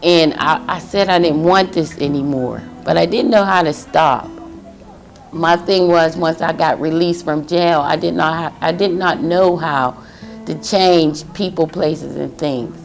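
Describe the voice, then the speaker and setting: A middle-aged woman giving an emotional personal testimony, halting and pausing often. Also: sits low, steady tone, vocal fry, soft background music. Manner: emotional, halting, with many pauses. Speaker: testimony speaker.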